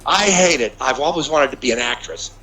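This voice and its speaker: A man voicing a timid, soft-spoken woman counselor who hesitates and halts through her words. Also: medium pitch, lively intonation, slight background noise, rough recording. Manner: hesitant, halting, full of fillers.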